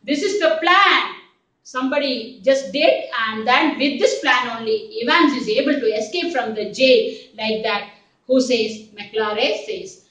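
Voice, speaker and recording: High-voiced Indian English woman teaching. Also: measured pace. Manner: animated, often checks with "okay?" and "understood?". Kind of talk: explaining a story in a class lesson. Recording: roomy echo, voice from a distance.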